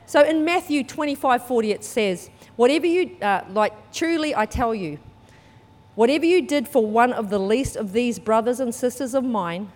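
A woman's voice: fairly high pitch, long reverb tail. A woman, preaching a sermon and telling a personal story, acting out voices and laughing often. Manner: lively storytelling, acts out quotes, laughs often. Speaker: church speaker.

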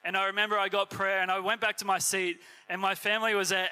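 Young male preacher, earnest and chatty, high and bright. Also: little pitch movement, fast, few pauses, clean tone, rough recording. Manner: casual, earnest, filler-heavy preaching. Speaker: youth preacher. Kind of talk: sermon.

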